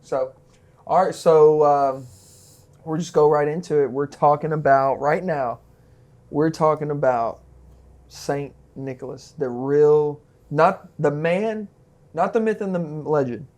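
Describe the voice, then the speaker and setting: A man's voice: fairly high pitch, slow, darkish tone. Loose, joking male podcast co-host. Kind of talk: casual podcast chat. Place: indoor lounge with a couch.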